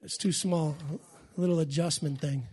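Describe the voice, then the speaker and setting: A man with a notably high voice delivers a sermon as pastor. He preaches with fire, bursting into shouts and hammering phrases over and over inside his church. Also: steady tone, normal speed, husky. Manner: fiery, shouting, repeats phrases.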